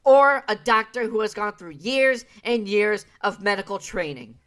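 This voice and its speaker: A woman's voice: mid-range voice, expressive, normal speed, fairly bright tone. A woman commentator cutting in over a clip with sarcastic, scornful retorts. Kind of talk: mocking commentary.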